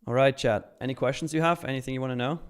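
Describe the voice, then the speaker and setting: A Swiss man hosts a live trading stream, reading chat aloud in an upbeat, chatty way and getting hyped by milestones. He talks fast, with a medium-pitched, clean-toned voice.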